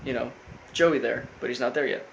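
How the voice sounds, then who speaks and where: A man casually recapping a cartoon episode, rambling with lots of fillers and flat quoted lines. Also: medium pitch, fairly quick, vocal fry, dull audio, a little hiss or hum. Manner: rambling, full of fillers, quotes characters flatly. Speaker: recap host.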